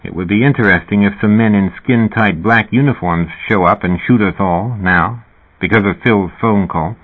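A man's voice: lowish voice, moderate pace, husky. A man voicing a dry, gloomy man who intones his words hollowly and laconically. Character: dry, gloomy adult man with morbid wit. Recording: tinny phone-like audio.

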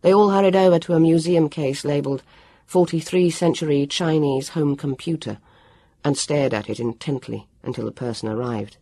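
A woman reads a novel aloud in expressive storytelling. Her voice is low with a gravelly, husky texture and lively intonation. The recording is close and dry. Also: normal speed, no room sound. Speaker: audiobook narrator. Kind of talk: scripted narration.

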